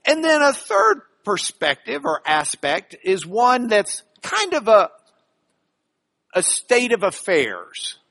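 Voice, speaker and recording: A man lectures his class in a high, bright voice. He talks with emphatic energy and often restarts his phrases as he explains. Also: takes it slowly, vocal fry. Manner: animated, emphatic, with frequent restarts. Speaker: Bible class teacher.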